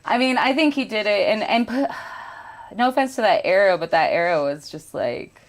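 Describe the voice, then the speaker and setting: A woman's voice: medium pitch, animated, moderate pace. A young woman hosting a casual podcast chat, talking candidly, swearing freely and joking with sarcasm. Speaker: podcast host.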